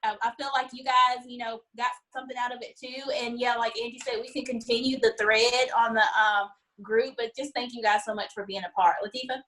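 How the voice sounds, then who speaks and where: A woman's voice: on the high side, level tone, a little fast, hardly any pauses, a bit bright, low-quality recording. A woman co-hosting a call, giving sincere, thoughtful closing remarks and saying "like" a lot.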